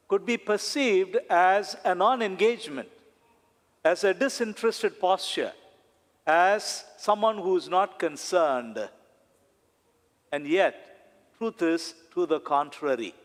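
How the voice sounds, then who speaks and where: A man, a priest, preaching a sermon slowly and deliberately, with dramatic pauses and repetition. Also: high-pitched. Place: church. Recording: long church reverb.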